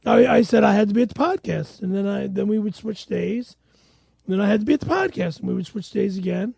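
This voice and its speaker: A man co-hosting a comedy podcast, talking in halting bursts with stumbling restarts. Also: sits high, gravelly, a little mellow, slightly rough, no room sound. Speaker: podcast co-host.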